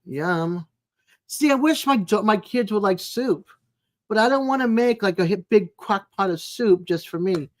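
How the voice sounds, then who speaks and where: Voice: mid-range voice, lively intonation, moderate pace. An adult live streamer in casual, rambling chat, greeting viewers by name and making homey small talk with plenty of fillers. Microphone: home streaming mic, no camera.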